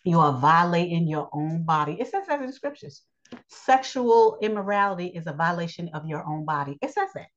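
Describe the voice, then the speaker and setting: A woman's voice: fairly low pitch, animated. Blunt, preachy woman on a dull recording. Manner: blunt and preachy, drawn-out pauses with fillers. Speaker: teacher of a daily lesson. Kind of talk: spoken religious lesson on relationships.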